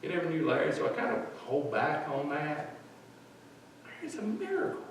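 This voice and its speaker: A man's voice: fairly high pitch, steady tone, a little fast, a little hiss or hum. A male pastor preaching a sermon in a plain-spoken, folksy storytelling way. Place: church sanctuary. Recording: echoey church from far off.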